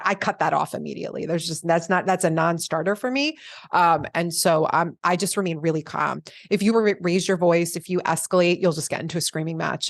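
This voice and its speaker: A woman in her forties, an attorney being interviewed, speaking calmly and evenly and acting out the lines of people she has dealt with. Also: sits low, vocal fry, no echo. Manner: calm, measured, acts out quoted dialogue. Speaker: attorney guest. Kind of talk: conversational interview answers.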